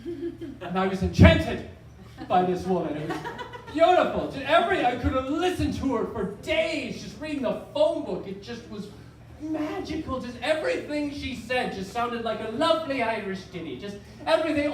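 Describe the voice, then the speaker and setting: Self-deprecating male stand-up in his thirties, lively pitch, echoey venue from far off. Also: moderate pace. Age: 30s. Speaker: stand-up comedian. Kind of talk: live stand-up set. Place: live comedy venue. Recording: echoey room from far off, crowd noise.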